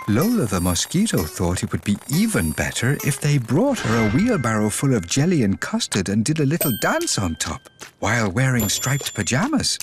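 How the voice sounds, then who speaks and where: A man narrating a scripted cartoon story for preschool children in a gentle, sing-song way, asking the listener questions. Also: mid-range voice. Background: music.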